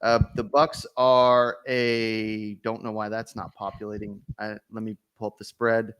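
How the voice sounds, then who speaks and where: A man's voice: fairly low pitch, flat delivery, measured pace, a bit bright. A man hosting a casual sports betting chat, easygoing as he runs the round-table. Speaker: host.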